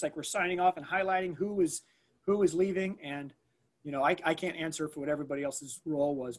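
A man with a fairly high-pitched voice recalls an emergency at school in a conversational interview. Animated throughout, he uses many fillers and restarts and acts out what people said.

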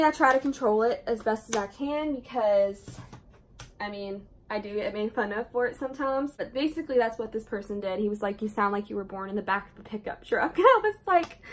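A young woman with a Southern US accent, chatting casually and rambling while she does her makeup at home. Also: medium pitch. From Southern Indiana, USA. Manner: chatty, rambling, frequent laughs and asides. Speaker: beauty vlogger. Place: indoors at home, doing makeup.

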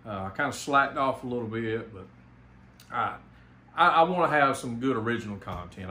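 A man's voice: lowish voice, pushed and bright. A man from South Carolina with a Southern accent, rambling through a casual channel update. He sounds enthusiastic, and he pads his talk with fillers and false starts. The room gives his voice a noticeable echo, and there is a faint hiss of noise behind him. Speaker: home theater YouTuber.

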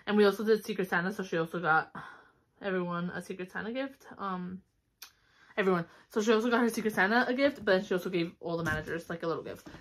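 A woman's voice: medium pitch, fast. Chatty young woman filming a haul. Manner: chatty, upbeat, with fillers and little squeals of delight. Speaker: vlogger. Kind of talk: casual haul vlog chat. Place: home, indoors. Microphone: camera on a stand.

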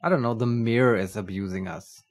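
A man with an ordinary mid-pitched voice chats through a gameplay session, weighing choices aloud and cracking jokes. His talk is loose and unscripted, full of quick reactions. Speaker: let's play co-host. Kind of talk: casual gameplay chat.

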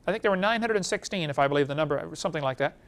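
A creation seminar speaker, a man whose fairly high voice sits toward the top of the male range, lectures a live audience at a rapid-fire clip. He keeps it animated and often poses rhetorical questions to listeners.

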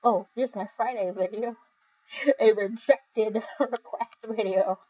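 A young woman talks her way through viewer comments in an unhurried, rambling ramble, laughing softly between thoughts. She sounds worn out and her somewhat high voice comes through a dull, lo-fi recording. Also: slightly rough. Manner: giggly, rambling, with many fillers. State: overly tired. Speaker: video creator reading comments. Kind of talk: casual chat.

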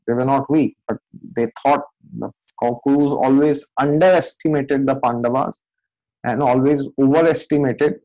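A man who is a spiritual teacher retells scripture as a story in a mellow, mid-range voice with no echo. He keeps it conversational, full of fillers and frequent "okay?" check-ins, on a dull lo-fi recording.

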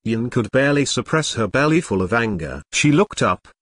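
A man's voice: medium pitch, lively intonation, normal speed, fairly bright tone, dry recording. A man narrating a novel audiobook in a machine-like, scripted reading. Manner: machine-like reading, reads symbols aloud.

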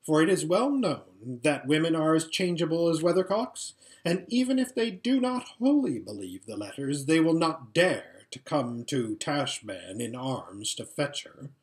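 A man's voice: on the high side, big pitch swings, unhurried, few pauses. A man voicing an arrogant young male prince who speaks eagerly and pompously.

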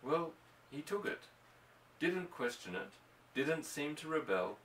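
Storybook ranch wife, higher and hushed, anxious, as a male reader puts her on, roomy distant sound. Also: very animated, slow pace, slight background noise, full character voice.

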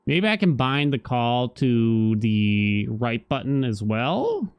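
Excitable man streaming a game. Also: mid-range voice, takes it slowly, clear, resonant tone, no echo. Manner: excitable, yelps and swears at the game; chatty, talks to viewers between moments. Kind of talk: live gameplay commentary.

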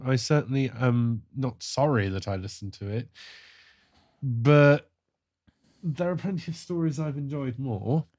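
A man on a podcast panel giving a measured, thoughtful, even-handed review. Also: medium pitch, dry recording, clean studio sound. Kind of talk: casual podcast review chat.

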